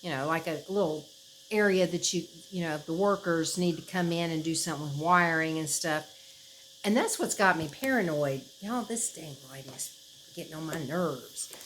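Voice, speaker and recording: A woman's voice: low-pitched, normal speed, slight background noise, low-quality recording. A woman chatting casually to her camera at home, rambling with fillers and laughs. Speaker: vlogger. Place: her house, indoors.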